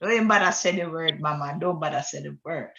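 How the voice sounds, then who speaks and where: A woman in a religious group discussion, affirming and testifying in a lively way. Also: sits low, fast, vocal fry, lo-fi sound. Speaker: study group member.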